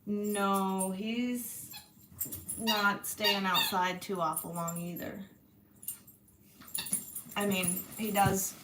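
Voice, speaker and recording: Slow-talking, blunt Midwestern woman. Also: mid-range voice, noisy background. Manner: blunt, swears freely, rambling. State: sore after a massage. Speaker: channel host. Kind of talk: casual chat to viewers. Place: her room indoors.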